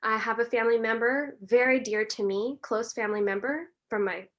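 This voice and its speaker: A woman, a breathwork and meditation teacher, talking earnestly and warmly as a podcast guest in a reflective, gently spiritual way. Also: on the high side, a little fast. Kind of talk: reflective conversational talk.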